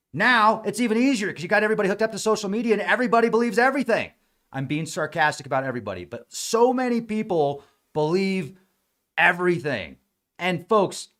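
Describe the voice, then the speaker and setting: A podcast host rambles through a casual monologue with a slightly higher-than-average voice. He's sarcastic and keeps slipping into mocking impressions of gullible people, and his mouth sounds a bit dry up at altitude. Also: a bit bright. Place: high elevation in the mountains.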